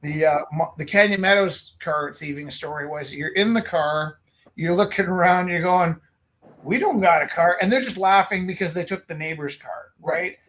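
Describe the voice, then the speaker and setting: A man from Canada telling a story in casual chat, animated, acting out the quotes loudly. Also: on the high side, normal speed. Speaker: host.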